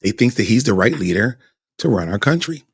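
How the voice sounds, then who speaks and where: A man with a low, husky voice talks in loose podcast commentary. He rambles and leans on repeated words for emphasis. The sound is dry and close, with no room around him. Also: sing-song, a little fast, dry recording. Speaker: podcast host. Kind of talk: casual commentary.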